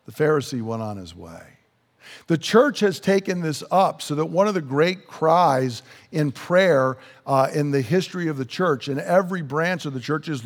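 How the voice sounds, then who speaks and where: A man's voice: a little high, animated, moderate pace, long reverb tail. A man preaching a sermon, explaining scripture in an earnest teaching manner. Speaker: pastor.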